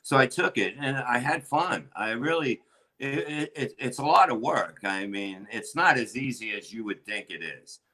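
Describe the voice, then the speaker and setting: Animated, rambling comedian with a bright edge. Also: male voice, mid-range voice, normal speed, poor audio. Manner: rambling, animated, crude, with frequent restarts. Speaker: comedian guest. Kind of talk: casual storytelling chat.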